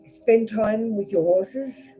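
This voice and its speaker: An Australian woman gives a blunt tarot reading on a live stream, swearing freely as she reads the cards. Her medium-pitched voice is slow and mellow, with faint music behind it. The stream audio is dull and lo-fi.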